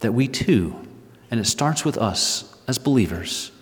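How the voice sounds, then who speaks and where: A man preaches a sermon with a voice of ordinary middle pitch. He leans into emphatic stresses, slowing on key words and then pushing forward. His voice rings out with long reverb, as in a large church hall. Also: animated. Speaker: pastor.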